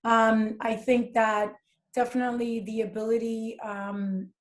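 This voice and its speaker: A woman talking casually as a podcast guest, lively and animated as she tells stories. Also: on the high side, unhurried. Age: adult with children. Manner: animated, acts out dialogue from her stories. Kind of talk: casual interview talk.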